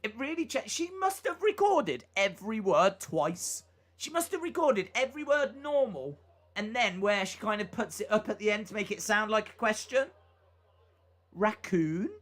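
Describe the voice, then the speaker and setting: A man's voice: high voice, fairly bright tone. A man hosting a live reaction stream, chatting casually and rambling with fillers and asides between moments of commentary.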